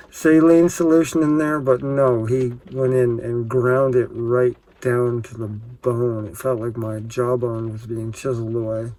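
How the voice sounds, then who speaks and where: A man's voice: medium pitch, dark tone. Man vlogging with a swollen cheek. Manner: reflective, candid, chats to camera while doing chores. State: swollen cheek after oral surgery. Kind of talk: casual vlog narration. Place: outdoors and around a house under renovation.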